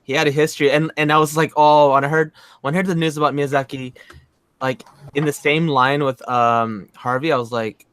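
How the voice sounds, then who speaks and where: A man co-hosting a casual livestream, telling stories in an excitable, rambling way with many fillers. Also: on the high side, brisk, clear, resonant tone, dry recording. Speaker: streamer and co-host.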